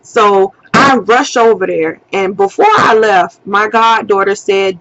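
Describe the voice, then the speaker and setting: A young woman vlogger telling a personal story in a casual, animated way, heavy on profanity and slang. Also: medium pitch, a little slow, dull audio.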